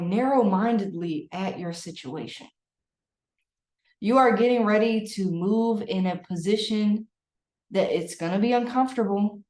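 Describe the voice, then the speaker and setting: A warm, mid-range female voice belongs to an energy healer coaching a client through a spiritual session. She laughs often and stays playful and breathy, and the room gives off a noticeable echo.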